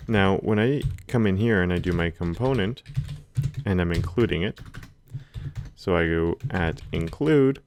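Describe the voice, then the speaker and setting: A coding instructor with a low voice talks at a measured pace in a screen-recorded tutorial, relaxed as he types code. Keyboard clatter fills the background, with a little hiss or hum on the recording.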